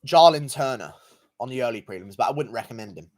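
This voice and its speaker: A man's voice: mid-range voice, lively intonation, quick pace. A young man livestreaming, reading out donations in crude, profane, mocking banter. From England. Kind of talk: casual live-stream chat.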